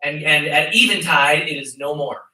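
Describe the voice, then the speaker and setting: An emphatic male pastor preaching, with a high, very bright voice that cuts through. He stands back from the mic in an echoey church sanctuary, so the room rings around his words. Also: normal speed, far from the mic. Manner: emphatic, mocking put-on voices when quoting. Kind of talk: sermon.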